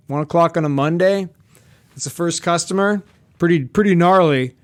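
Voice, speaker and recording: A young man hosting a podcast, telling a rambling, profane, sarcastic story in casual chat with chuckles and asides. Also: medium pitch. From Pacific Northwest of the US. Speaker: podcast host. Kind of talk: casual comedic storytelling monologue.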